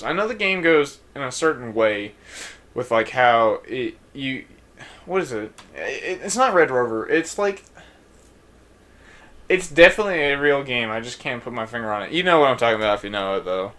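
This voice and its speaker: A young man commenting casually as he plays through a game. He rambles and thinks out loud, reading game text along the way. His voice sits at an ordinary middle pitch. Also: animated, normal speed. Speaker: gaming YouTuber. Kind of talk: let's play commentary.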